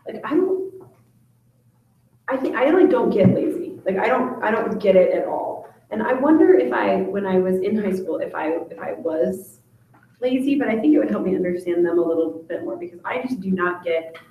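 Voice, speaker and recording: A woman's voice: mid-range voice, fairly quick, recorded from a distance, slight background noise. Woman teacher, muffled and echoey. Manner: animated, full of "like". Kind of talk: casual class discussion.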